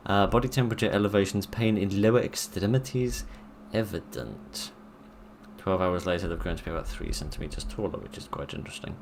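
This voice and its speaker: A man's voice: deep voice, fairly quick, vocal fry, a little hiss or hum. A man giving dry, sarcastic let's play commentary while he plays a horror game. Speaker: gaming video narrator.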